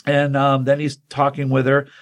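A man's voice: mid-range voice, monotone, moderate pace. A man casually retelling a comic book issue on a podcast, rambling with many ums and restarts, acting out the dialogue.

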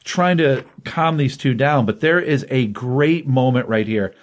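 Here a man, hosting a comics podcast, recounts a comic book plot casually, moving in and out of quoted dialogue. The medium-pitched delivery is lively, punctuated by fast voiced quotes.

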